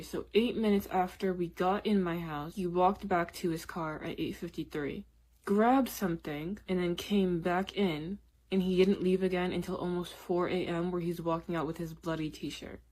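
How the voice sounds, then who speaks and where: A woman's voice: lowish voice, a little mellow. A young woman casually telling her own story in the first person, candid and chatty, with frequent "like" and "literally". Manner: candid, conversational, many "like" and "literally" fillers.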